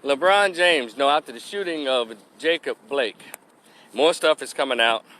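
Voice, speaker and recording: A commentary vlogger rants his opinions into the camera in a mid-range, pushed and bright voice at a moderate pace. He is blunt, profane and mocking, mimicking people with exaggerated voices.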